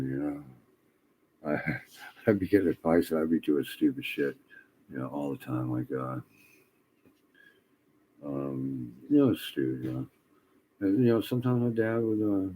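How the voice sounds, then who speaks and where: Deep-voiced profane older man rambling. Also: a little mellow, a little hiss or hum, low-quality recording. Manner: profane, laughs often, many fillers. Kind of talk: casual rambling storytelling.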